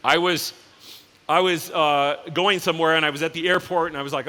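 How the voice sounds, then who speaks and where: A man's voice: fairly high pitch, steady tone, sharp tone. A man, a company CEO, giving a casual conference keynote and acting out characters in his stories. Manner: casual, anecdotal, acts out the characters in quick voices. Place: large conference hall. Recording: reverberant hall.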